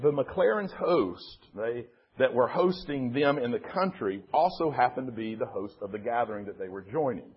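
A man's voice: medium pitch, husky, dull audio. A man giving a sermon as a pastor, telling a story in an earnest, emphatic way.

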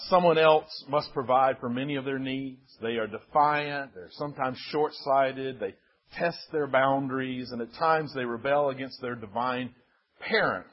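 An older male pastor giving a sermon in a measured, self-deprecating storytelling manner. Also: mid-range voice, husky. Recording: dull lo-fi sermon recording.

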